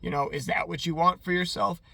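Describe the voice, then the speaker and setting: Figure: lonely homeless immigrant man, voiced by a man. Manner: earnest, pleading. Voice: bright, raised. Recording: dry, close. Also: fairly high pitch, steady tone, a little fast, creaky, dry recording, heavily acted. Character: homeless male immigrant giving sincere advice.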